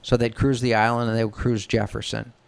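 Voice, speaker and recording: A middle-aged man with a gravelly edge and a smooth, resonant voice tells a story. He talks frankly, swears freely and acts out the people he quotes. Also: medium pitch, level tone, fairly quick. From Detroit area. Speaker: podcast co-host telling a story. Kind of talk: casual storytelling.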